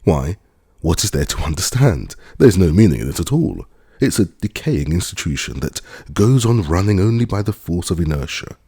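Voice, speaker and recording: A man's voice: sits low, very animated, moderate pace, mellow, slightly rough, dry recording, studio quality, exaggerated voice. A man reading an old grey-whiskered landowner who talks in a genial, reflective, slightly lecturing way. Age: older.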